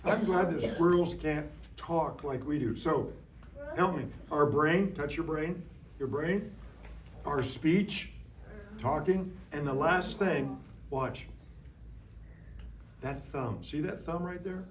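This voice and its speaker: A man teaching a lively science lesson to young children in a classroom, playful and full of call-and-response. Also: a little high, takes it slowly, long pauses, slight background noise. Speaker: science educator visiting a class. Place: school classroom. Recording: roomy room from a distant mic.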